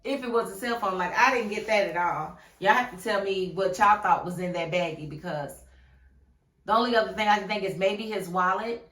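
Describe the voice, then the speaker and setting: A woman giving a casual, animated recap of a TV episode, laughing often and acting out the scenes in voices. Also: mid-range voice, a little fast, recorded from a distance. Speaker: YouTube TV reviewer. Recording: echoey room, a bit off-mic.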